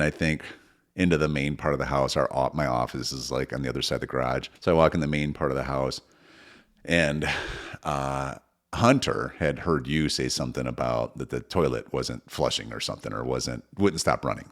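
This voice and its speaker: A man's voice: extremely low pitch, a bit bright. A middle-aged man co-hosting a podcast, telling a funny family story in casual chat, laughing often as he talks. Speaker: podcast co-host.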